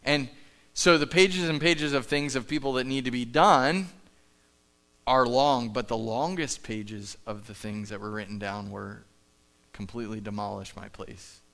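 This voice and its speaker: Through a live stage mic in the church sanctuary, a Midwestern American pastor delivers a sermon, earnestly and conversationally narrating a story and performing its dialogue. He speaks at a measured pace in a gravelly, mid-range voice that's a bit bright.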